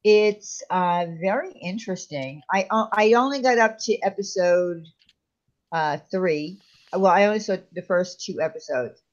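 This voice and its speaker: A woman in a casual chat, explaining hesitantly with many pauses. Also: on the low side, highs cut off.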